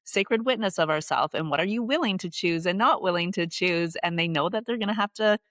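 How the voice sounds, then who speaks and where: A woman hosting a podcast, her voice set a little low and recorded dry and close. She is enthusiastic and effusive, rambling warmly through her thoughts with lots of "like". It sounds like a relaxed conversation. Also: fairly quick, dry recording. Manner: enthusiastic, effusive, filler-heavy with "like". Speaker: podcast host. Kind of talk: conversational interview.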